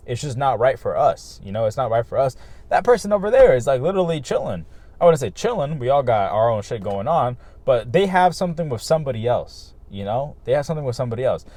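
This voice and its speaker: A young man speaks outdoors in a loose, rambling vlog voice, warm and mellow in tone. He is candid and swears freely, repeating himself and leaning on fillers as he circles his point. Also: mid-range voice. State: hiccuping. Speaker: vlogger. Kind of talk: casual rambling monologue to camera. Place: outdoors, just outside his home.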